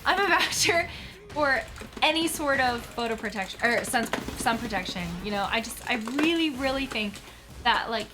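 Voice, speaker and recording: A woman's voice: a little high, lively intonation, moderate pace, background noise. A woman in her thirties, a doctor in training, chatting casually on a live stream in a bubbly way, with many fillers.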